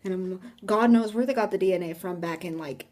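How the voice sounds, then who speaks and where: A young woman vlogging on a phone mic, telling a story in an animated, dramatic way. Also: lowish voice, fairly quick. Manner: animated, dramatic, drops into whispers for effect. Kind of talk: casual storytime.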